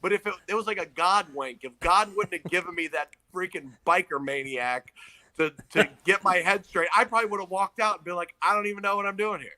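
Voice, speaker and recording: A man telling a story in casual chat, animated, acting out quoted people. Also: fairly quick. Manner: animated storyteller, acts out quotes in loud high voices. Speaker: comedian guest.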